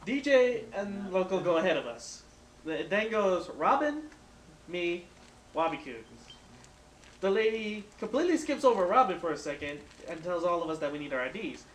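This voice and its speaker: A young man hosting a casual chat, telling animated stories with friends in a room. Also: high voice, normal speed. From Filipino. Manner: animated storyteller, acts out quoted people. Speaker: podcast host. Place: room with friends smoking hookah. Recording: echoey room with faint background noise.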